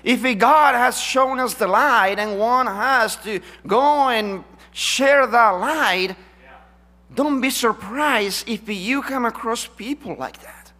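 A man preaching a sermon, emphatic, swinging from loud declarations to hushed asides. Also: extremely high pitch, slow pace.

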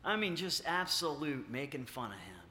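Male preacher, halting and emphatic, bright tone, roomy church sound. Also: mid-range voice, big pitch swings. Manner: halting, many filler sounds and restarts; emphatic, rising on key points. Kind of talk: sermon with scripture reading. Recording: echoey room.

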